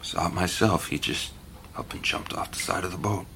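An actor playing a rough fisherman who witnessed a massacre, telling it in an agitated, slangy way in an audio drama. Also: deep voice, normal speed, sharp tone, a little hiss or hum, exaggerated voice. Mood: insistent.

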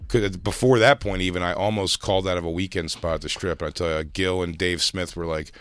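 Fast-talking deep-voiced man in casual chat. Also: steady tone, a bit bright, no room sound. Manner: rambling, fast, frank storytelling with many fillers. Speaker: podcast co-host, comedian. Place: radio studio. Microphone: studio microphone.

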